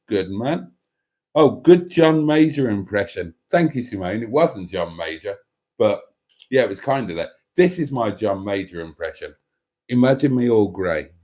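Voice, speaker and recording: A man with a voice on the lower side hosts a relaxed livestream. He rambles casually, stumbling over restarts and filling gaps with ums. He talks in a chatty way while reading out viewer comments. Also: moderate pace. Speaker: YouTube channel host.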